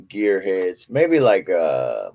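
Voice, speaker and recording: A man's voice: low-pitched, huge pitch swings, drawn-out words, creaky, warm tone. A man, hosting a loose, joking chat full of swearing and half-finished thoughts. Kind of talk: casual chat.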